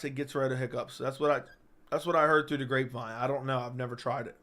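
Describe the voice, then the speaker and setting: A man's voice: mid-range voice, fairly even intonation, fast, fairly bright tone. A man hosting a casual live-stream chat, answering viewers while stuck with hiccups, stopping and restarting his sentences. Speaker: MMA channel host.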